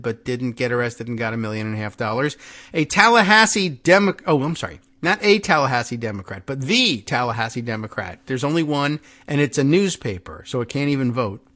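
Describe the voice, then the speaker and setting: A man's voice: a little high, fairly bright tone. A man hosting a podcast, giving casual political commentary with rambling, sarcastic, self-deprecating asides. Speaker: podcast host.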